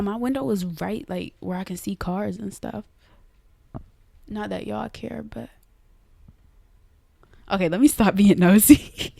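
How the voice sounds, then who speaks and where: A young woman, telling a personal story to her viewers in a chatty, animated way. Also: mid-range voice, vocal fry, no room sound. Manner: chatty, animated, addresses listeners as y'all. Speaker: podcast host.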